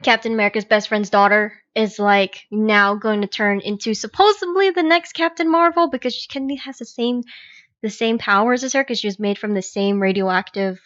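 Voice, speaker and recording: A woman's voice: mid-range voice, moderate pace, a bit bright, dull audio. A woman co-hosting a podcast in casual chat, explaining things hesitantly with many fillers. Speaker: podcast co-host.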